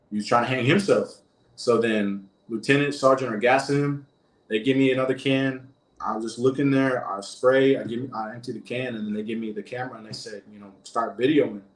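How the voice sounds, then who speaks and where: A man in a middle register recounting events as an interview guest, his telling loose and rambling, full of restarts and fillers. He sounds like he is sitting in a roomy, echoing space. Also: mid-range voice. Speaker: former prison guard, interview guest. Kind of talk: casual first-person storytelling.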